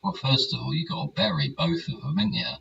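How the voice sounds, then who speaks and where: On his own show, an older English host wanders through a casual monologue, swearing freely and seeking agreement. His medium-pitched voice is brisk and a bit bright, with huge pitch swings and vocal fry. A distant mic makes the recording dull, with faint hiss.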